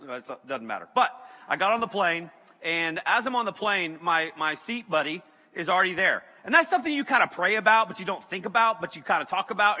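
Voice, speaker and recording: A man giving a comic, animated sermon story with sudden shouted bursts and laughter. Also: a little high, long reverb tail. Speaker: youth speaker.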